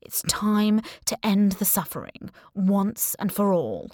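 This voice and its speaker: A woman voicing a cheerfully menacing middle-aged male kidnapper in an audiobook, calm and quietly threatening. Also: mid-range voice, slow pace, dry recording, studio quality. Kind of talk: audiobook character voice.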